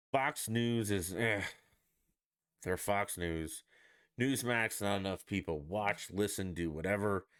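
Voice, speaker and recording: A man's voice: lowish voice, a bit bright, clear, resonant tone. A man hosting his own stream, ranting with profanity and sarcasm in casual solo commentary. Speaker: podcast host.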